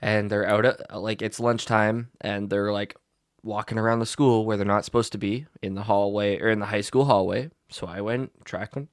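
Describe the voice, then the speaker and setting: Young guy with a lowish voice, blunt teacher storytelling, dry close mic, lots of likes. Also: normal speed, no echo. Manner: blunt, animated, many likes and restarts. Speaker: podcast co-host, teacher. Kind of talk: casual storytelling chat.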